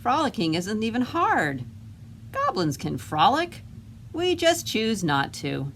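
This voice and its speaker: A woman's voice: on the high side, wildly swooping pitch, slow pace, a bit bright, slight background noise, heavily acted. A woman reading a picture book aloud, voicing a grumpy, self-important male goblin with an indignant, sarcastic way of complaining. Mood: grumbling.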